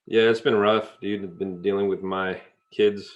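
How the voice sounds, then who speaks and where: A subdued man talking in a casual chat among friends. His voice is very deep, and the recording sounds muffled and lo-fi. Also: steady tone, normal speed, a loud crowd. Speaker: co-host.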